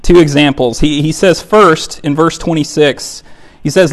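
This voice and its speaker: Man preaching a conversational sermon, slightly high voice. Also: unhurried. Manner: conversational, emphatic, with fillers and repetition. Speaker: pastor.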